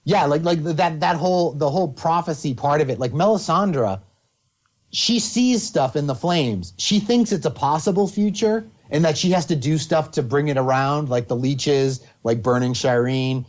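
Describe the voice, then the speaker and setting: A man in casual podcast chat, talking at length in a rambling, animated way with many restarts. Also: fairly high pitch, normal speed.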